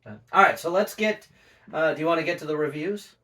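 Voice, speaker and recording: A middle-aged father leads a casual family chat, asking questions and chuckling often. His voice sits a little high for a man. He is recorded from a distance, away from the microphone. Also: fairly quick, pushed and bright. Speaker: father co-hosting family movie reviews. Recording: voice from a distance of the mic.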